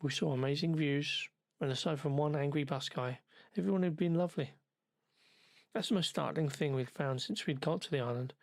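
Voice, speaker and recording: A man narrates a travelogue with dry, sardonic, wordy commentary while recovering from covid. His voice sits a little high for a man, and the recording is tight and dry with no room sound. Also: brisk, vocal fry, dry recording. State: ill with covid. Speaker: travel vlogger.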